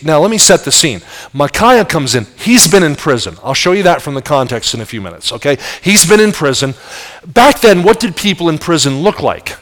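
A man's voice: a little high, animated, a little fast, a bit bright. A middle-aged man preaching a sermon, telling the story vividly and asking the audience rhetorical questions. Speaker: pastor. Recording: long reverb of large hall.

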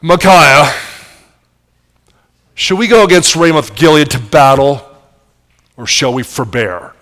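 A man's voice: on the high side, slow. A male preacher voicing an imperious, angry ancient king, in a long-reverb hall. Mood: demanding. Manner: imperious, demanding, loud. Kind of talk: dramatized sermon storytelling.

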